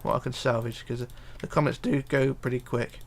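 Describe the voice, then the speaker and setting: Slight background noise sits under this streamer's mid-range, steady voice, which has vocal fry and a moderate pace. He chats casually while building, reading comments aloud and muttering hesitantly to himself.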